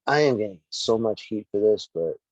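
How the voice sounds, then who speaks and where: Brief: middle-aged man, low and husky, animated storyteller voicing every quote, dry muffled podcast sound. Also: normal speed, no room sound. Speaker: wrestling referee and podcast guest. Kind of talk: casual storytelling chat.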